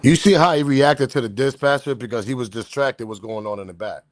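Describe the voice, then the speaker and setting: A man hosting casual commentary, blunt and animated, heavy on slang as he talks straight to his viewers. His voice sits at an ordinary pitch, recorded dry and close. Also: fairly quick, no echo. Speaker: commentary host.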